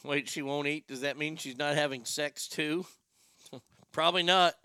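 A man's voice: a little high, steady tone, normal speed, bright, forceful tone, smooth, dry recording. A man hosting a radio talk show, telling crude comic stories with acted voices in a brash, riffing way from a studio mic.

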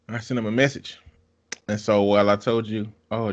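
A man's voice: lowish voice, steady tone, moderate pace. A man in casual conversation, giving blunt, profane advice. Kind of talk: casual chat. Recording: dull lo-fi sound.

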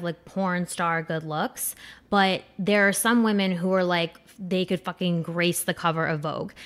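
A woman's voice: on the low side, a bit bright. Crude, rambling young woman. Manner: chatty, rambling, crude, many fillers. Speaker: commentator ranking adult performers. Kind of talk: casual unscripted commentary.

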